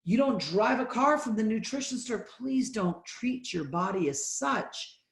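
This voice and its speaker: Emphatic woman, slightly hoarse. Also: on the high side, animated, measured pace. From Texas. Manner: emphatic, repetitive, preacher-like. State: hoarse from allergies. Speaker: sales presenter. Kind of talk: motivational sales presentation. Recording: roomy echo.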